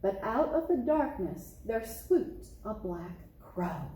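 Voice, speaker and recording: Librarian lady reading a picture book to kids, sing-songy and slow. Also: mid-range voice. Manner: expressive, storytelling. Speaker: children's librarian. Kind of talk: children's read-aloud. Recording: echoey room.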